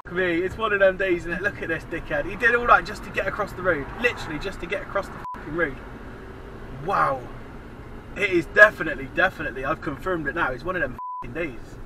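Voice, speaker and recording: A man's voice: sits high, quick pace. A man, ranting sarcastically and swearing at other drivers from behind the wheel, recorded on a dash cam. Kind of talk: ranting commentary while driving. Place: inside a car on city roads. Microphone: dash cam mic. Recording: distant voice over loud road noise.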